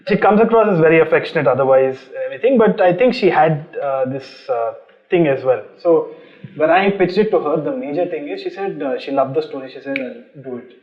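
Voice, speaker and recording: Quick, animated man. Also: fairly high pitch. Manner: animated storytelling with laughter. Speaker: film director. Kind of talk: casual interview chat. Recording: slightly muffled audio.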